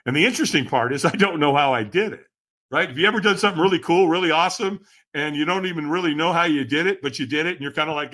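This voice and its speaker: A man's voice: on the high side, fast talker, sharp tone. A middle-aged man telling a personal story as a podcast guest, enthusiastic and acting out the lines he quotes. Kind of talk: animated storytelling.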